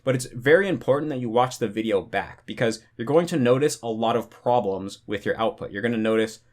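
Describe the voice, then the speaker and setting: A young man gives relaxed, rambling talking-head advice on learning languages, peppering it with "you know" and "like." His voice is medium in pitch and his pace is brisk.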